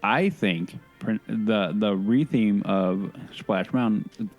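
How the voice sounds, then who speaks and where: Male podcast co-host, deep-ish voice, earnest and halting, restarts a lot; light music bed behind. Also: darkish tone, lo-fi sound. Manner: halting, many restarts and self-corrections; earnest, opinionated. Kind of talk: casual chat.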